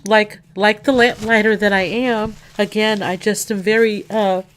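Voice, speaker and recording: A middle-aged woman hosting a livestream, tearful and rambling as she chats warmly with her viewers. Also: mid-range voice, steady tone, measured pace, slight background noise. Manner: tearful, rambling, full of restarts and laughs. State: crying. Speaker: livestream host. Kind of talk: emotional casual chat to a live audience.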